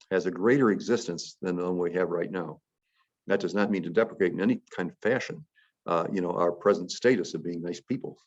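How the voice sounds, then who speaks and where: A man's voice: on the low side, darkish tone, dull audio. A man, a priest, leading an informal Bible study, rambling along with many fillers and restarts.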